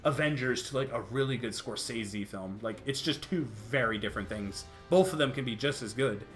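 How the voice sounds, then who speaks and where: A young man hosting a casual chat, animated, tripping over restarts and laughing between points. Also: medium pitch, a little fast, faint music behind. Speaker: youtube host.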